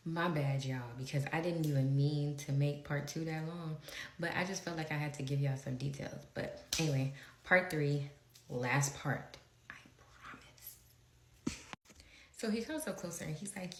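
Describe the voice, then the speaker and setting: A woman's voice: deep voice, unhurried, pauses often, roomy sound, a little hiss or hum. A young woman telling a story in a casual way, blunt and profane, laughing often and acting out what others said.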